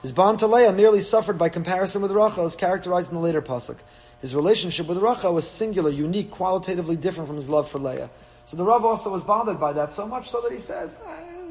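A man's voice: high voice, darkish tone. A man teaching a Torah class, asking rhetorical questions and dropping dry asides. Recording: echoey hall with faint hum.

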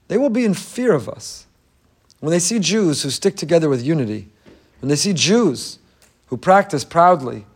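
High-voiced, emphatic man delivering a sermon. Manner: passionate, emphatic, mixes Hebrew phrases into English. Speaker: rabbi.

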